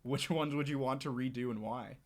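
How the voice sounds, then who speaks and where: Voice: mid-range voice, fairly quick. A moderator casually reading out questions from chat on a panel, with many fillers.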